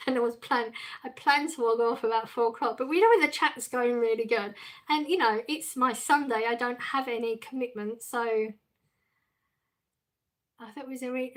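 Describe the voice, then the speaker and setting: A chatty middle-aged woman hosts a relaxed live stream, answering her chat and laughing easily. Her voice sits a little high, and she talks in a loose, friendly, rambling way. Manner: chatty, laughs often, warm and reassuring. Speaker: livestream host reading chat. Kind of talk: casual chat.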